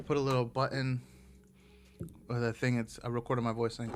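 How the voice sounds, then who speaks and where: A man's voice: medium pitch, level tone, a little fast. A man hosting a casual solo podcast, rambling from tangent to tangent and swearing freely. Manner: rambling, profane, digressive. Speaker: podcast host.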